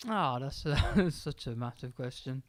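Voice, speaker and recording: A man's voice: medium pitch, expressive, measured pace. A man co-hosting a casual podcast, laid-back and fond of saying innit. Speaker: podcast co-host. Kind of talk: casual chat.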